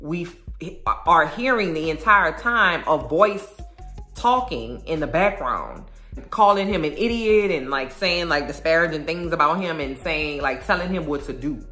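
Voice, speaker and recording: A woman casually recapping a show episode in an animated, slangy way, acting out the characters' lines. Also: low-pitched, a little slow. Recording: echoey room, faint music.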